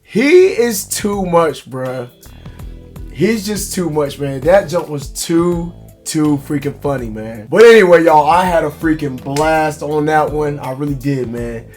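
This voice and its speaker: A man's voice: a little high, unhurried, a little mellow, faint music behind. A man hosting a reaction video, laid-back and slangy, reacting casually.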